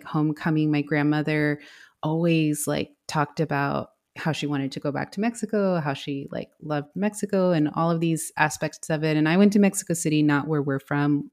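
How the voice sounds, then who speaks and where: Low-voiced woman, reflective guest. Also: darkish tone. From United States. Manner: reflective, lots of fillers, laughs lightly. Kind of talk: conversational interview.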